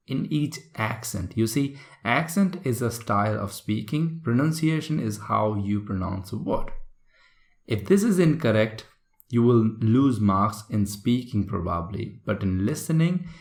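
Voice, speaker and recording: A man's voice: fairly low pitch, vocal fry, a little mellow, echoey room. A man, teaching an exam-prep lesson and checking in often with "right?" and "okay?". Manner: explains with frequent "right?" and "okay?" check-ins. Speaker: IELTS trainer. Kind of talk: online lesson.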